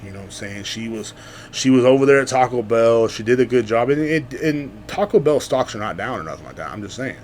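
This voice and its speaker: A man's voice: mid-range voice, expressive, fairly quick, darkish tone, a little hiss or hum. A man from Central Texas, hosting a podcast in a casual, rambling and heavily profane rant with a sarcastic edge. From Central Texas, USA. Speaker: podcast host. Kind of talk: casual ranting monologue.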